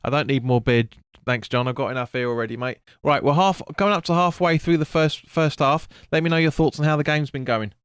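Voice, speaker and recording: A man's voice: on the high side, fairly quick, few pauses, fairly bright tone, smooth, dry recording, studio quality. Sweary man commentating a stream. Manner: blunt, sweary, chatty with viewers. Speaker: football watch-along streamer. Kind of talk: live match commentary and chat reading.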